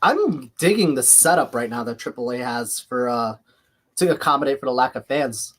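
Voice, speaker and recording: A man's voice: medium pitch, animated, moderate pace, fairly bright tone. Chatty man with a slight lisp. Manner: chatty, jumps between reading chat and calling action. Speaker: livestream host. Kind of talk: live watch-along commentary.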